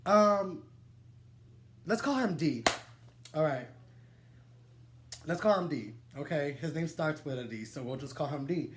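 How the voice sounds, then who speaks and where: A young man telling a wild personal story to the camera, animated and dramatic, swearing freely and laughing through his digressions. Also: a little high, unhurried, long pauses, a little hiss or hum. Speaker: vlogger. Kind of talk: storytime vlog, casual and profane.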